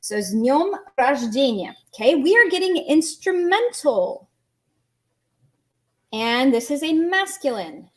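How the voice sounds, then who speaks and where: A woman's voice: high-pitched, very animated. Patient woman teaching a language lesson. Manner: patient, explains slowly, asks students questions.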